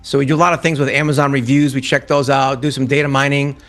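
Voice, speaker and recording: A man's voice: mid-range voice, flat delivery, fast talker, a bit bright, faint music behind. A middle-aged man chatting as a podcast guest, enthusiastic and motivational, laughing easily. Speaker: podcast guest, publishing founder. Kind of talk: casual interview chat.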